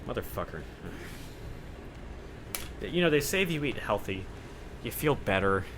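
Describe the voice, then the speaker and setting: A man's voice: fairly low pitch, very animated, measured pace, noisy background. A young man hosting his own podcast, rambling in a sarcastic, profane, self-mocking monologue. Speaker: podcast host.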